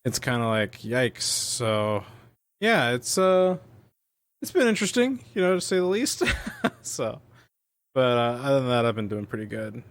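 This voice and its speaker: A man's voice: mid-range voice, big pitch swings, a little slow, dry recording, studio quality. A young adult man hosting a podcast, talking casually and loosely with many fillers. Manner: loose and rambling, many fillers like "you know" and "like". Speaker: podcast host.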